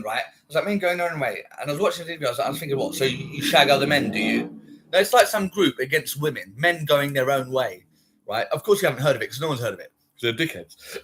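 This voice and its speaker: A young man in casual chat, blunt and sweary, with an animated delivery. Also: medium pitch. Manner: blunt and sweary, animated, quoting others in put-on voices.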